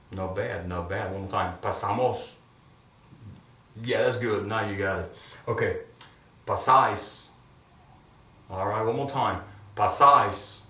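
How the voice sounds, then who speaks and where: Upbeat male teacher in an echoey classroom. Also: fairly low pitch. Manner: upbeat, encouraging, talks to unseen students. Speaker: Spanish teacher. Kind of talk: classroom lesson to camera. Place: classroom with whiteboard. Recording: echoey room, mic far off, faint room noise.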